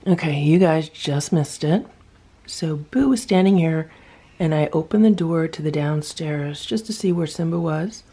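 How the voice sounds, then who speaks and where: A woman's voice: low voice, measured pace, warm tone, slightly rough. A woman narrating a casual home vlog, chatting about her cats and talking to them as she films. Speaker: cat rescuer vlogger.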